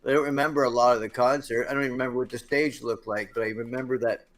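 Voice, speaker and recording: Man in his fifties, animated storyteller, lots of swearing, mid-pitched voice. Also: very fast. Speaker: streamer telling stories. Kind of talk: casual storytelling chat.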